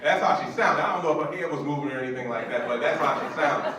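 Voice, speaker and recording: A man in his fifties, a judge, tells a personal story to an audience in an animated, emotional way, acting out the voices. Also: mid-range voice, fast talker. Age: 50s. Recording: echoey hall from far off, background noise.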